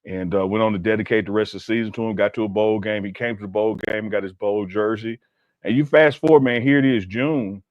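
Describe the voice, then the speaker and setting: A man's voice: on the low side, fairly even intonation, fairly quick, no echo, lo-fi sound. A man co-hosting a casual sports talk show, telling stories with emphatic, laid-back slang. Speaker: co-host.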